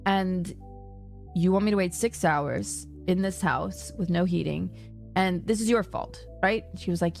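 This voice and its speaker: A woman's voice: lowish voice, unhurried, gravelly, soft background music. A young woman streamer telling a story to her chat in a casual, exasperated rant, acting out the other people's lines. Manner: exasperated, animated retelling with quoted dialogue.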